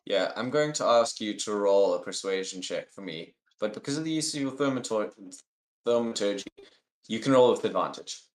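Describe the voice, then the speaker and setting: A man's voice: lowish voice, expressive, moderate pace. A man running a tabletop game as game master, calling for rolls and narrating the scene.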